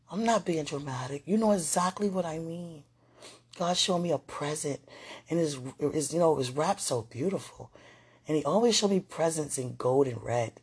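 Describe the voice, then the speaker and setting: Low-pitched and breathy with audible vocal fry, a woman talks to a viewer in a loose, heartfelt, affectionate ramble. Religious talk about God comes up again and again, and her gentle delivery keeps slipping toward a whisper.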